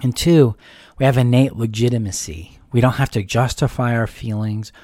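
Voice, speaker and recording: A man hosting a self-help talk, explaining in a calm, measured way and listing ideas in long runs. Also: mid-range voice, no echo. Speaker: self-help host answering a question. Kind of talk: reflective solo talk.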